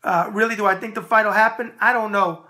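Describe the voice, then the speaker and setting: A man's voice: high voice, steady tone, fast, sharp tone. A man from Michigan hosting a boxing mailbag show from home, reading viewer questions and giving brash, opinionated takes with a repeated catchphrase. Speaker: host.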